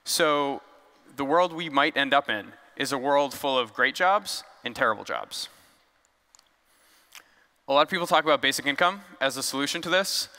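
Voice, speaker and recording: A man's voice: medium pitch, normal speed, sharp tone, big-room sound. A man giving a casual, joking conference talk on stage, loose and conversational with fillers. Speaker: conference speaker. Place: large conference hall.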